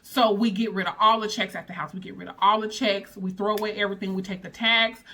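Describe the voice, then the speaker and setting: A woman vlogger tells a personal story in a casual, animated and dramatic way, full of slang. She speaks quickly at a medium pitch.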